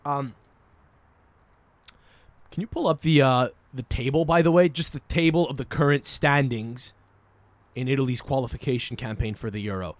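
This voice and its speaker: A man hosting a solo podcast, rambling, profane and excitable, jumping between topics and often checking in with "you understand?". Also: medium pitch, normal speed, long pauses, no echo. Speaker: podcast host.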